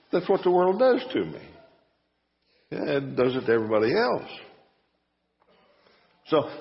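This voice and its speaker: Guy pastor preaching, chatty folksy sermon, lively up and down voice, kinda muffled. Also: mid-range voice. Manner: conversational, rhetorical questions, folksy. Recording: muffled sound with long reverb.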